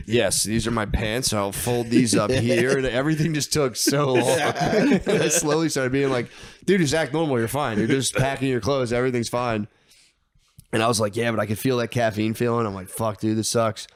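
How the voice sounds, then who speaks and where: A man's voice: mid-range voice, steady tone, normal speed. A young man and podcast co-host telling a long story in casual chat, rambling and swearing, with stammered restarts, acting out what he thought and said. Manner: rambling, profane, stammering restarts, acts out his own thoughts.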